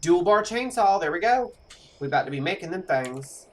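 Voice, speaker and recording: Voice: medium pitch, moderate pace. Chatty game streamer talking to viewers. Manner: chatty, talks to viewers, animated reactions. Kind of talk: live gameplay commentary.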